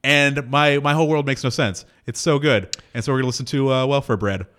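A male radio co-host trading wry remarks, his tone bright and clear. He speaks at an ordinary pitch in an easygoing manner into a studio mic. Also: a little fast. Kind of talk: casual on-air banter.

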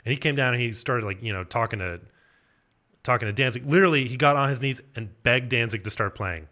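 A man spins a long comedic anecdote at a quick clip, his voice bright and forward. He rambles and piles on fillers while keeping a deadpan delivery. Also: mid-range voice. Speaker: storyteller.

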